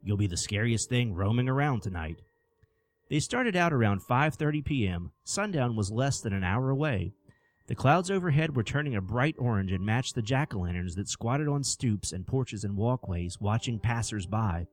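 A man narrating a scripted horror story with an expressive storytelling delivery. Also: mid-range voice, normal speed.

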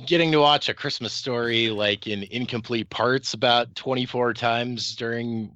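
A man co-hosting a podcast in relaxed casual chat, answering questions with short dry comebacks. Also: mid-range voice, moderate pace, smooth, no room sound, lo-fi sound. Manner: laid-back, dry comebacks. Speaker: podcast co-host.

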